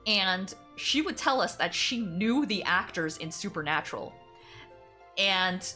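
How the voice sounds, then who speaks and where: A woman's voice: mid-range voice, animated, unhurried, bright, forceful tone, faint music behind. A young woman streamer telling a long story in casual chat, rambling with many fillers and frequent laughs. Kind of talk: casual storytelling while drawing.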